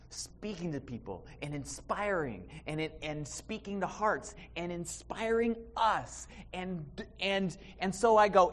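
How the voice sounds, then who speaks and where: A man preaching a sermon in church, animated, with restarts and sudden bursts of loud emphasis. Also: high voice. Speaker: pastor.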